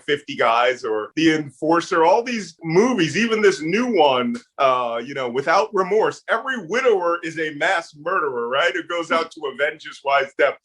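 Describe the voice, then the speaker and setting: In a fairly high, slightly bright voice, a middle-aged Philadelphian recounts personal stories as a guest in a casual interview. His tone is sincere and heartfelt, with some humor mixed in.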